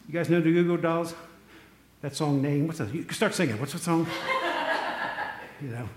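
Male pastor, slightly high voice, conversational sermon with quips; roomy hall sound. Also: moderate pace, background noise. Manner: conversational, jokey asides to the congregation. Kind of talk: casual sermon.

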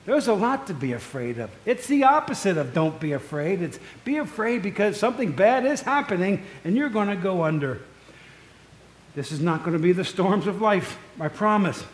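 A man's voice: high voice, lively intonation, moderate pace, fairly bright tone, slight background noise. A man preaching a conversational, storytelling sermon, full of asides to the congregation. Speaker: pastor. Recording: echoey room.

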